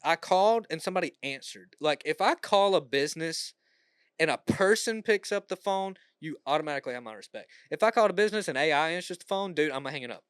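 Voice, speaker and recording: Young male co-host, fairly high smooth voice, teasing and emphatic. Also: animated, fast, fairly bright tone, dry recording, clean studio sound. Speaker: podcast co-host. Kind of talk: casual chat.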